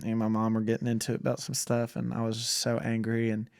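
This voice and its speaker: A man in his twenties, a podcast guest, chatting casually and telling animated stories with frequent laughs. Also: mid-range voice, fast, vocal fry, clean tone. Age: 20s. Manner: animated storytelling, laughs often. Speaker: podcast guest, church creative director. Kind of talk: casual chat.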